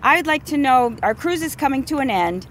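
A woman from Ohio with a fairly high voice asks a question from the audience. She is friendly and slips in a small joke. Faint outdoor ambience sits behind her. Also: expressive, fairly quick, a little hiss or hum. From Ohio, USA.

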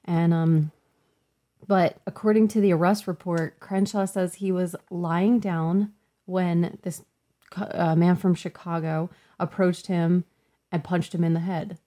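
Mellow-voiced woman co-host. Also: lowish voice, steady tone, measured pace. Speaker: co-host of a market news show. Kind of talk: casual chat.

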